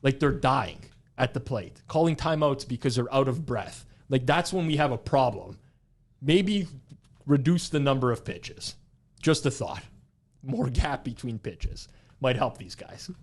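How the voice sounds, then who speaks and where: This is a young adult man co-hosting a casual podcast chat, with a voice pitched in the ordinary middle for a man. He gets animated and rambles, running sentences together and leaning on "like" as he goes. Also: unhurried. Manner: animated, rambling, heavy use of "like". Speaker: podcast co-host.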